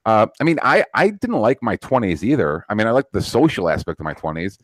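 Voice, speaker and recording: Low-voiced guy in his 30s ranting on a podcast, cusses a lot, dry sound. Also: sing-song, brisk, dry recording. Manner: profane, rambling, many restarts. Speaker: podcast host. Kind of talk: casual political chat.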